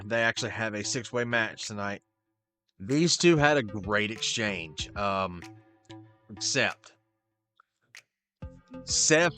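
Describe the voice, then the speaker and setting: Excitable man recapping wrestling, cursing. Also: on the low side. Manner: profane, excitable, retells scenes in quick voices. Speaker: podcast host.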